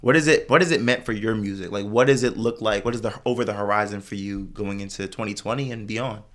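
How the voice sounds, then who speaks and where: A man hosting a casual podcast chat, talking loosely with lots of "like"s and getting animated as he tells stories. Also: lowish voice, fast talker. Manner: loose, filler-heavy storytelling with many "like"s; animated when telling anecdotes. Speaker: podcast host.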